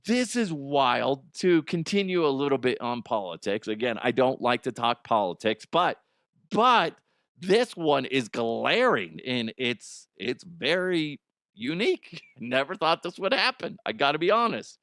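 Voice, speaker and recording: A middle-aged man hosting a comedic podcast monologue, telling stories animatedly and jumping into loud high exclamations. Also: sing-song, unhurried, dry recording, clean studio sound. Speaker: podcast host.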